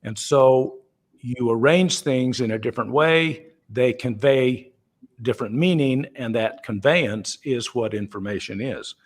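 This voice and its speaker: A man at a middling pitch talks things through in a relaxed, chatty way on a call. He stops and restarts his sentences and leans on "uh" and "you know". He sounds like a founder explaining his product to listeners. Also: unhurried. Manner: easygoing and chatty, with frequent fillers and restarts; acts out everyday dialogue in the voices of the people in his examples. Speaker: company founder answering questions.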